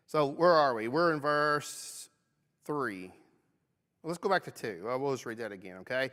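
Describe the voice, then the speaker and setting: A man's voice: mid-range voice, expressive, a little slow, long pauses, fairly bright tone. West Kentucky man teaching a Bible class. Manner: conversational, frequent "okay?" check-ins. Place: church auditorium. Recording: long reverb of a church auditorium.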